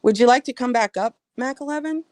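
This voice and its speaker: A woman's voice: on the high side, fairly quick, darkish tone, no room sound, studio quality. A woman hosting a live stream, talking casually and bluntly, swearing freely and speaking her mind. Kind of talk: casual chat.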